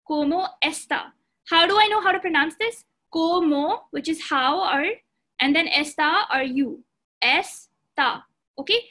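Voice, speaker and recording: A woman's voice: very high voice, moderate pace, bright, forceful tone. A woman teaching a beginner language lesson, patient, repeating points and checking that students follow. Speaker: language instructor.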